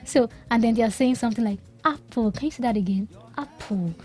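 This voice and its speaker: Nigerian woman speech therapist guest, bright voice. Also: on the high side, steady tone, racing. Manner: emphatic, repeats key advice. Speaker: speech and language pathologist guest. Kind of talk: radio interview, explaining.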